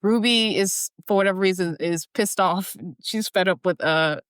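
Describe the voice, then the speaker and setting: A woman's voice: medium pitch, moderate pace, fairly bright tone, clean tone, dry recording. A woman co-hosting a podcast, bluntly recapping a movie in casual chat, filler words throughout. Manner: blunt, crude, many "like" fillers. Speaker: podcast co-host.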